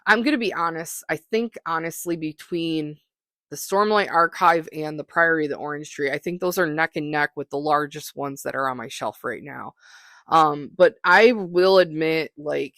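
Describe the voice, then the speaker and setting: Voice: mid-range voice, moderate pace, fairly bright tone, no room sound, clean studio sound. A podcast host talking through books in a casual solo monologue, rambling and hesitant with lots of fillers, enthusiastic and self-deprecating.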